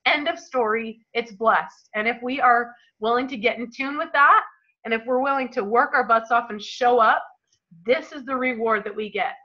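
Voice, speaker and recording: A woman leading a motivational team call, telling her story in a gushing, excited way and talking straight to her listeners as "you guys.". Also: fairly high pitch, moderate pace. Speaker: team leader. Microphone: phone or computer call. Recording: muffled lo-fi call audio.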